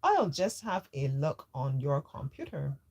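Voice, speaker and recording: A woman's voice: deep voice, sing-song, unhurried, a little mellow, husky, full character voice. A woman voicing a clumsy young boy who complains and protests. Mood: complaining.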